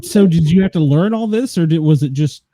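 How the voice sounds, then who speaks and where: A man hosting a podcast, asking curious questions in halting bursts with restarts. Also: a little high, warm tone. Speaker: podcast host. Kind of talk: casual interview questions.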